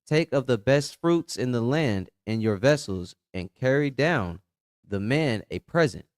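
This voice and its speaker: Man, scripture reader, steady plain delivery, mid pitch, dry close sound. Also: measured pace, no room sound. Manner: steady, plain reading of archaic text. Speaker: scripture reader in a Bible study. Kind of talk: reading scripture aloud.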